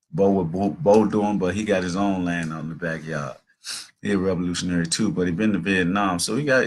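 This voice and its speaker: A man's voice: deep voice, breathy edge. A man around sixty hosting a talk show, telling stories in a loose, earnest monologue full of "man" and "you know". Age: about 60. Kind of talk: casual spoken monologue.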